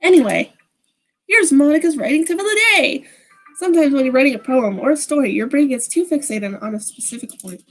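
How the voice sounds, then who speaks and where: Cheerful teen girl club leader, high voice, woman reads her. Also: lively intonation, brisk, poor audio.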